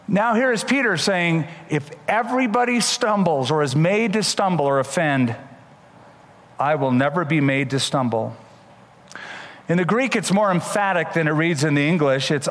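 Male pastor, somewhat high voice, emphatic sermon delivery, long hall reverb. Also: normal speed. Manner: animated, emphatic Bible storytelling.

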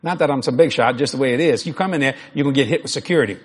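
Husky older preacher telling a story. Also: male voice, medium pitch, rapid-fire. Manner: animated storyteller who acts out dialogue, rising to near shouts. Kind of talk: storytelling sermon.

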